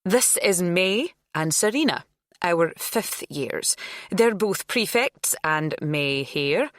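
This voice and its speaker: A woman voicing a brisk, bossy school staff member who gives clipped orders. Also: on the low side, lively intonation, dry recording, studio quality. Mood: introducing.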